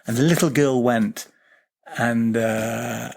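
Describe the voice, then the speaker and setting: Slow and fairly even in intonation, the middle-aged man's medium-pitched voice carries vocal fry, a little mellowness, and a breathy edge. A geobiologist and healer appearing as a guest, he tells a long, rambling anecdote in the interview, full of hesitation, fillers, and restarts.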